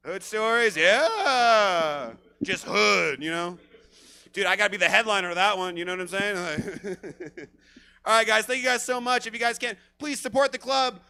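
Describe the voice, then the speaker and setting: A man's voice: sits high, bright, forceful tone, smooth. A man hosting a comedy show, chatting loosely with the crowd and laughing along. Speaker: show host. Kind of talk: live crowd work.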